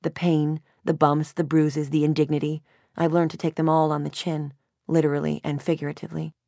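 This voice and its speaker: Low-voiced woman reading a novel. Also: flat delivery, brisk, gravelly, mellow, no room sound, clean studio sound. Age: 30s. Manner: wry, self-mocking, emotional. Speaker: audiobook narrator. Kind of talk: scripted first-person novel narration.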